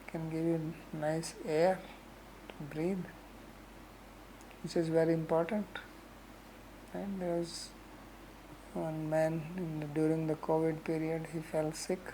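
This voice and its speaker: A woman who teaches scripture verses, explaining them slowly with homely examples and frequent "right?" asides. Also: low voice, flat delivery, mellow, slight background noise, low-quality recording. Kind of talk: lecture on Sanskrit verses.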